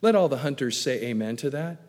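Booming preacher in a reverberant hall. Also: male voice, animated, a little fast. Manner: preaching with wide swings in loudness, booming then dropping low. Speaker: pastor. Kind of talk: sermon. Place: church sanctuary. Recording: long reverb of a large hall.

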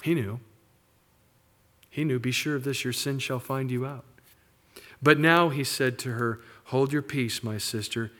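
Middle-aged male pastor, lively sermon delivery with mocking asides, mid-pitched voice. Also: moderate pace. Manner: animated preaching, mimics characters in asides.

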